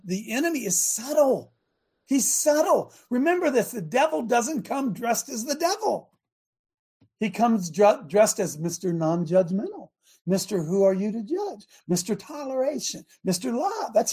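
A man's voice: high voice, a little mellow, breathy edge. A middle-aged man hosting a show and preaching a conversational sermon, fervent and often checking that listeners follow him.

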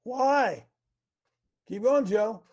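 A man preaching an interactive sermon, animated and quizzing his listeners, bursting into shouts to drive a point home. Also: extremely high pitch, extremely slow. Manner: banters with and quizzes the congregation.

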